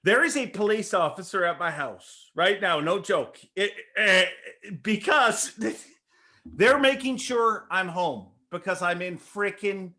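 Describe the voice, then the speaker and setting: A Canadian man co-hosting a laid-back podcast, rambling and stumbling over repeated words. His voice sits high and sounds bright and forward. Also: takes it slowly. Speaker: podcast co-host. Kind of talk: casual podcast chat.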